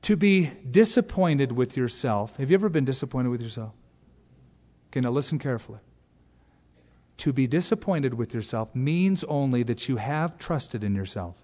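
A man preaching an expository sermon as pastor, animated and acting out little voices. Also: mid-range voice, moderate pace, in a large hall. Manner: animated, acts out voices and exaggerated asides. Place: large church sanctuary.

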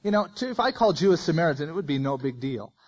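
A man's voice: a little high, very animated, rapid-fire, highs cut off. A man preaching a verse-by-verse sermon, reading scripture aloud with folksy asides.

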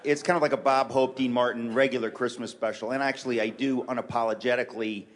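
A man from New York City, a guest author chatting in a church interview, joking with quick, self-mocking asides. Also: medium pitch, steady tone, a little hiss or hum. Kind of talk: casual interview chat on a church stage.

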